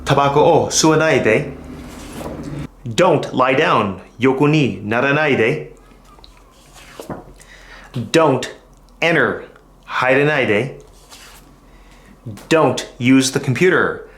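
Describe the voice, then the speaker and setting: A man teaching an English lesson, drilling short phrases slowly and deliberately. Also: mid-range voice, a bit bright, very echoey, recorded from a distance. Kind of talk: classroom lesson demonstration.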